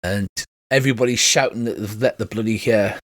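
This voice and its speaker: A man's voice: lowish voice, a little fast, fairly bright tone, no room sound. A man narrating a tabletop game as game master, rambling with lots of ums. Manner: rambling, filler-heavy narration.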